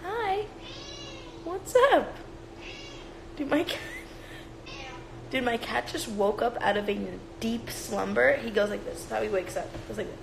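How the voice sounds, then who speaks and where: A young woman with a smoky, gravelly voice tells loose, swearing stories and jokes. She talks into a phone in an echoey room with a faint hiss behind her. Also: medium pitch, steady tone, a little fast, few pauses. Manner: rambling, profane, joking storytelling. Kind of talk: casual livestream chat. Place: room at home with her cat. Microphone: phone livestream.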